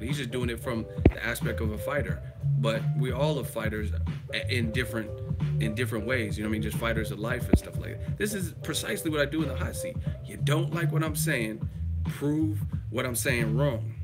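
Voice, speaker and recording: A man from the United States hosting a live stream, ranting emphatically with profanity and rhetorical questions. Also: mid-range voice. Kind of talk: casual live-stream commentary.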